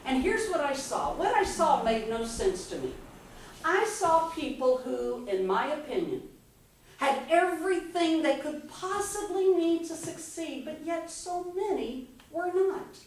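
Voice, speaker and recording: A woman in her fifties giving an inspirational speech, telling her story with dramatic pauses. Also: high voice, lively intonation, a little mellow. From Texas, USA. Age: 50s. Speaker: motivational speaker. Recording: echoey hall from far off, faint noise.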